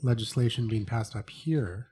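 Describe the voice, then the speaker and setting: A man from Canada co-hosting a podcast, speaking in a measured, hedging way and stammering as he starts sentences. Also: medium pitch, warm tone. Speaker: podcast co-host. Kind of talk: casual podcast chat.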